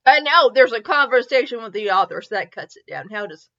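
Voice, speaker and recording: A woman's voice: fairly high pitch, very animated, a little fast, fairly bright tone, lo-fi sound. A woman with a Midwestern accent who hosts a comedic fanfiction reading show, rambling and giggling as she reads. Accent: Midwestern American. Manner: giggly and rambling, with frequent laughter. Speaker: fanfiction reviewer and host.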